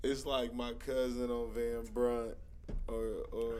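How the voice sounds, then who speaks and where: A man's voice: medium pitch, flat delivery, slow pace, dark tone, slight background noise. A man in casual chat who rambles in slang, repeating his fillers.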